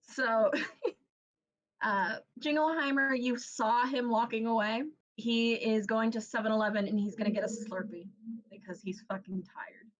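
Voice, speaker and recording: A woman's voice: on the high side, fairly even intonation, unhurried, lo-fi sound. A tired woman narrating as game master, casual and swearing, often laughing and tripping over her words.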